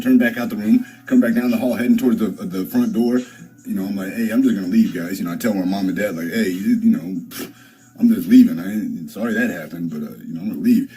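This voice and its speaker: Young male streamer, low voice, loose profane storytelling with soft music under it. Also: rough recording. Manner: rambling, profane, restarts and fillers, mimics others in raised voice. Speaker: live streamer.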